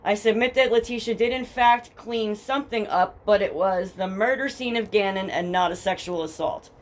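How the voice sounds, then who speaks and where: Young woman with a Jersey accent as a casual true crime host, blunt, sarcastic, swears freely, medium pitch. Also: normal speed. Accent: New Jersey. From New Jersey. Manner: blunt, profane and sarcastic, reads case documents then mocks them. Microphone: headphones with a home mic.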